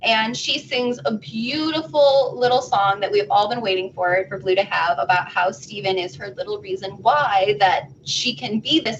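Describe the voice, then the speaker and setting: A woman on a convention panel giving a casual, animated plot recap from home. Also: mid-range voice. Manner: animated retelling, acting out characters' lines. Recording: distant muffled home recording, faint noise.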